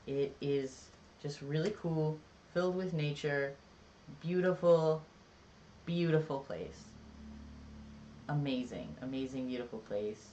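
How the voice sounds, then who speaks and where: A chatty live-streamer talking casually to viewers, rambling along with plenty of "like"s and "um"s. The voice sits at a middle pitch, with a faint hum of room ambience behind it. The manner stays easygoing and a little jokey. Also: slow pace, warm tone, dull audio. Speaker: livestreamer.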